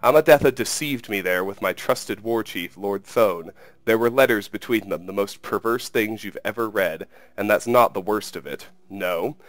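A man's voice: on the low side, moderate pace, dry recording, close to an everyday voice. A man reading aloud who voices an aging, grief-stricken king in a sad, heavy delivery. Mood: grieving.

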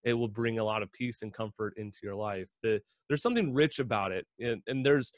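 A man's voice: fairly low pitch, a little fast, no room sound. A man hosting a radio interview in a conversational way, with many fillers. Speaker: radio host.

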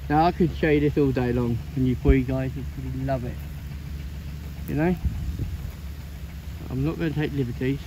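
An English man vlogging from a farm field, talking in an earnest, excitable, chatty way into a handheld camera. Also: medium pitch, normal speed, long pauses. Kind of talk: casual handheld commentary. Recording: outdoor noise of steam engines.

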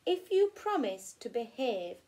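A woman's voice: on the high side, sing-song, unhurried, darkish tone. A woman voicing a kindly man in a storybook who fusses and exclaims as animals fill his bed.

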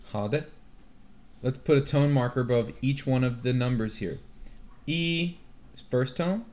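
A man teaching a Chinese lesson, slowly drilling numbers and tones with his students. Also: medium pitch, warm tone, dull audio. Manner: very slow and deliberate, modelling tones. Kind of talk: classroom lesson, drilling pronunciation.

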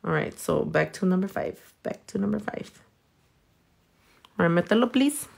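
This nail technician, a Californian woman with a matching accent, reads comments and banters casually and playfully as she does nails, cursing freely and mixing in Spanish. Her medium-pitched voice is creaky and darkish, with lively intonation and a moderate pace.

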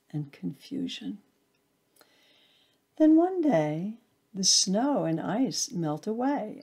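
Lady reading her own little story, slow and soft, dark mellow tone. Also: fairly low pitch. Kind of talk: storytelling narration.

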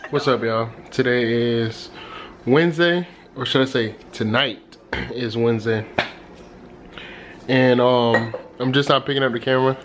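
A man's voice: mid-range voice, measured pace, a little hiss or hum. A young man recapping his day in a casual home vlog, rambling with lots of ums and restarts. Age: young adult. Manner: rambling, many fillers and restarts. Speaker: vlogger, husband and father. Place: at home indoors. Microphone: handheld camera.

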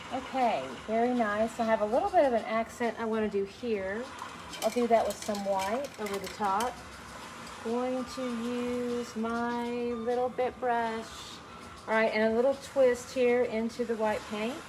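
A middle-aged woman with a fairly high voice, leading a live painting lesson. She talks gently and chattily through each brushstroke and greets viewers by name. A faint hum of room noise sits behind her. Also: fairly even intonation, measured pace. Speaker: painting instructor. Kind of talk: live online painting class.

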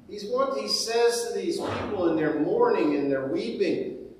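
A man's voice: high-pitched, lively intonation, a little slow. A man preaching a sermon as pastor, in a conversational way that repeats key phrases for emphasis. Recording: very echoey church, mic far off.

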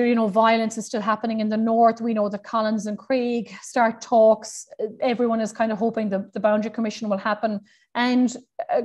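A woman delivering a history lecture at a middle pitch, typical for her sex. She moves between reading quoted documents aloud and loose conversational asides. Her talk is full of fillers and quick self-corrections. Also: darkish tone.

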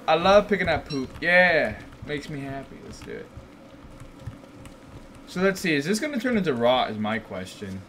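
A man streaming gameplay, chatting casually with goofy, teasing banter and sudden excited outbursts. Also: a little high, normal speed, slight background noise. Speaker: game streamer.

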